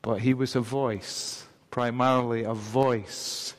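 A man's voice: mid-range voice, steady tone, slow pace. A man preaching a sermon in a church, talking conversationally and putting questions to the congregation. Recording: long reverb of a large hall.

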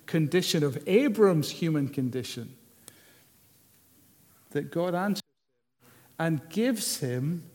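A man preaching a sermon, measured and unhurried, often asking the listeners rhetorical questions. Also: fairly high pitch. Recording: long hall reverb.

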